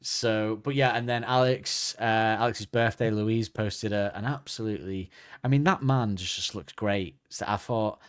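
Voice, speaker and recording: A man's voice: on the low side, normal speed, clean tone, no echo, studio quality. A man hosting a podcast, chatting casually and rambling with lots of fillers. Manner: rambling, hesitant, many fillers. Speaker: podcast host. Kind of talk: casual chat.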